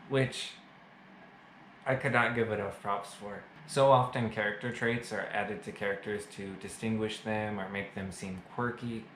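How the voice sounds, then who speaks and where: A man's voice: fairly low pitch, echoey room, a little hiss or hum, rough recording. A man casually reviewing a movie to camera, chatty and full of fillers, with self-mocking jokes. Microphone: camera mic.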